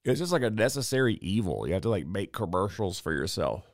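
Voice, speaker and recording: A young man streams a casual, profane rant in a low voice with big pitch swings, talking fairly quickly over slight background noise. He's sarcastic, swears freely, and drops drawling asides.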